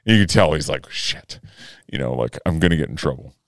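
A middle-aged man co-hosting a podcast, telling an animated story in casual chat and laughing at his own tale. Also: rumbling low, fast talker, no echo, studio quality. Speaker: podcast co-host.

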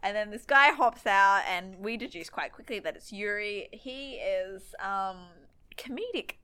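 A woman co-hosting a casual recap podcast, chatty and quick to laugh. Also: mid-range voice, pushed and bright, smooth. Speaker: podcast co-host.

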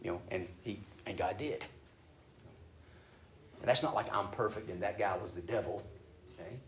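A man's voice: deep voice, normal speed, slight background noise. Emphatic conversational male preacher. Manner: conversational, emphatic, asks the audience rhetorical questions; swings between hushed and loud, excited delivery. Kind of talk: sermon.

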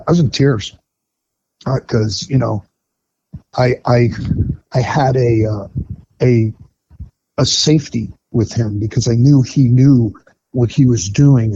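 A man's voice: mid-range voice, steady tone, a little slow, pauses often, warm tone. A middle-aged man and retired firefighter, frankly telling his own recovery story in conversation, with many fillers and restarts. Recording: dull lo-fi podcast audio with faint noise.

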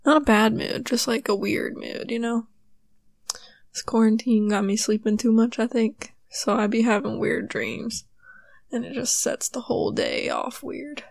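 A woman's voice: a little high, a little slow, gravelly, dry recording, clean studio sound. A young woman rambling in a casual, giggly solo chat at her home mic, swearing casually and sounding hyper. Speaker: podcast host. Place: small room at home. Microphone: home desk mic.

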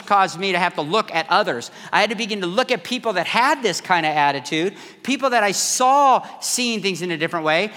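A man's voice: high voice, pushed and bright. A man preaching a sermon in a church, telling stories in a conversational way and acting out other people's voices. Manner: conversational storytelling, acts out voices. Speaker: pastor. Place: church sanctuary. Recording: long hall reverb.

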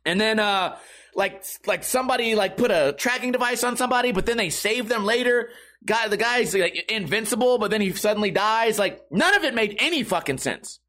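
A man's voice: high voice, brisk. A man ranting casually to his viewers, swearing often and rambling with restarts. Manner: profane, animated, rambling with restarts. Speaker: talker addressing viewers.

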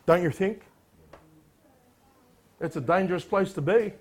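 High-voiced emphatic male preacher. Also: a little slow. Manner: emphatic, rising sharply on exhortations; reads scripture in a louder, declamatory voice. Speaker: pastor. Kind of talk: sermon with scripture reading.

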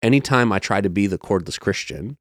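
A man's voice: fairly low pitch, lively intonation, fairly quick, no echo, clean studio sound. A man, a pastor, in casual podcast conversation, earnest and reflective, explaining with everyday metaphors.

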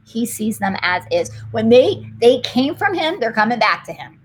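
A woman, a missionary nurse and guest, telling faith stories in conversation, animated and fervent, laughing often. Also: fairly high pitch, moderate pace, a little hiss or hum. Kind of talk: emotional faith storytelling in conversation.

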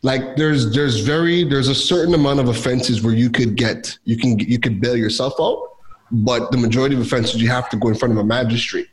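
A young man from Trinidad, telling a personal story in a casual chat as a guest, animated and quoting others. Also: medium pitch, brisk. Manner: animated, lively retelling with quoted voices.

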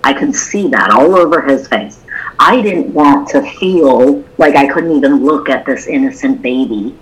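A woman's voice: extremely low pitch, expressive, a little slow, breathy edge, low-quality recording. Candid woman podcast co-host. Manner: candid, personal storytelling. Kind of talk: casual podcast conversation.

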